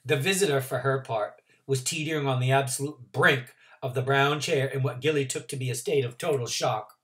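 A male teacher reading a novel aloud to his class in an expressive storytelling voice. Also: medium pitch, a little fast, far from the mic.

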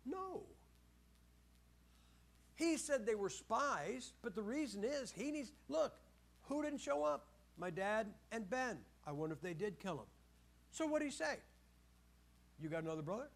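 High-voiced man preaching, animated storyteller who acts out voices. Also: a little slow, creaky, long pauses. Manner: animated storytelling, asks the audience questions, acts out quoted voices. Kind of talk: sermon.

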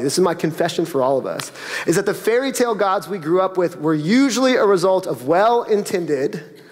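High-voiced pastor preaching in an echoing hall. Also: male voice. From South Florida. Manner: conversational preaching with rising, emphatic peaks. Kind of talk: sermon. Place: church auditorium. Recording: long reverb of a church hall.

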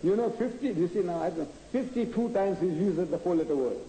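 Warm in tone and pitched high, this man talks a little fast and expressively while answering audience questions at a public lecture. He comes across emphatic and combative, throwing out rhetorical questions, on archive tape from an echoey hall with faint noise.

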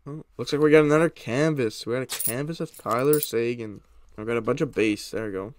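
Fairly quick and medium in pitch, a young man's voice runs through casual pack-opening commentary. He's a card-opening YouTuber, eager and talkative, speaking straight to his viewers.

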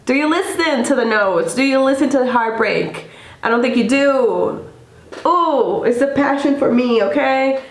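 A woman's voice: high-pitched, lively intonation, unhurried. A young woman hosting a casual music reaction video, gushing and effusive, filling her talk with "like" and "literally.". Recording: echoey room with music playing. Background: faint music.

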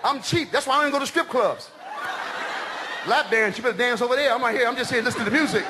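A middle-aged man doing stand-up comedy on a large stage, loud and animated, shouting his punchlines. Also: very high voice, quick pace. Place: large comedy stage before a live audience. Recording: live show with crowd laughter and noise.

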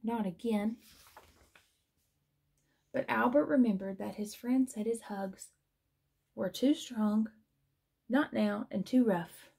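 A woman teacher reading a children's storybook aloud in a gentle, expressive manner. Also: fairly high pitch, slow, creaky, breathy edge.

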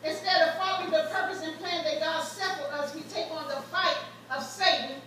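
A woman's voice: high-pitched, fairly even intonation, brisk, pushed and bright, a little hiss or hum. A woman preaching a sermon as guest preacher, telling stories from her own life with rising fervor. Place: church sanctuary. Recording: echoey church from far off.

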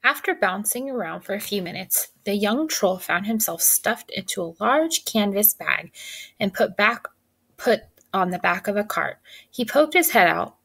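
A woman narrating a children's storybook in a gentle, clear read-aloud delivery. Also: mid-range voice.

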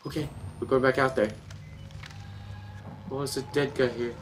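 A man's voice: medium pitch, fairly even intonation, normal speed, a little hiss or hum. A young man commentating a horror game, jumpy and panicky, muttering repeated words to himself. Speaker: gameplay commentator.

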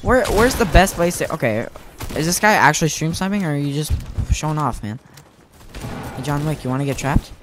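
A young man giving casual, excitable commentary on his own gameplay, self-mocking and prone to repeating himself. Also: a little high, brisk, background noise. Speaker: gaming YouTuber.

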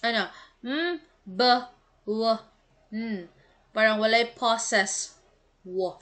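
A woman walks through a test answer by answer as a teacher, slipping Cebuano into her English. Her delivery is unhurried and deliberate. Her voice has a bright, clear edge. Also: fairly high pitch. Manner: slow, explanatory, mixes English with Cebuano.

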